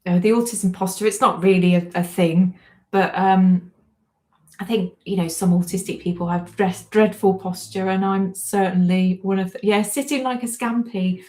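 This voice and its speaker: A chatty woman in her forties hosts a relaxed livestream, answering comments in a friendly, self-deprecating way. She keeps dissolving into giggles between her words. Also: medium pitch, normal speed. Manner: giggly, keeps breaking into laughter. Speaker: livestream host. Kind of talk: casual livestream chat reading comments.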